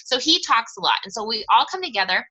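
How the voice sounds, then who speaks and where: Young woman, fitness coach to her team. Bright, energetic, rambling casual talk with many fillers. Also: fairly high pitch, fast, husky, muffled recording. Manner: enthusiastic, rambling, lots of fillers and repeats.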